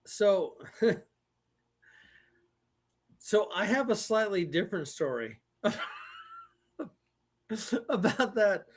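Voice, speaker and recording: A man's voice: high-pitched, lively intonation, extremely slow, long pauses. A man co-hosting a live podcast, joking crudely and laughing between lines in casual banter. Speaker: podcast co-host.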